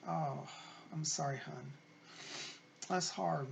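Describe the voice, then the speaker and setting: A man with a gravelly, creaky voice hosts a psychic reading show. He reads letters from viewers and relays messages from spirits. His tone is gentle and consoling, and he talks casually and warmly to listeners. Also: on the high side, takes it slowly, pauses often. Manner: gentle, consoling, chatty, calls listeners "hon". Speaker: psychic medium.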